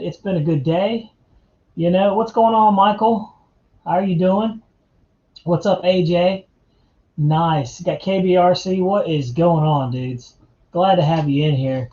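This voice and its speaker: A man's voice: on the high side, mellow, lo-fi sound. Laid-back man in a roomy room. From North Carolina, US. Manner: laid-back, chatty, calls viewers man and dude. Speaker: livestream host. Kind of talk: casual live chat.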